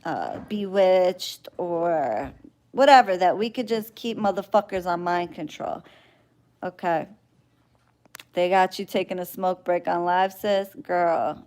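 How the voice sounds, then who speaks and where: A woman's voice: on the low side, a little slow, creaky, darkish tone. A woman who practises spellwork, ranting bluntly and wearily to her livestream viewers, swearing freely. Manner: blunt, exasperated, profane; sighing and weary. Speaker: spiritual practitioner and spell caster.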